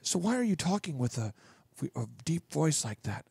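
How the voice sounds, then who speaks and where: A man voicing a timid, meek person who talks in a hushed whisper. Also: a little high, big pitch swings, normal speed, vocal fry, breathy edge, no echo, full character voice. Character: timid soft-spoken whisperer.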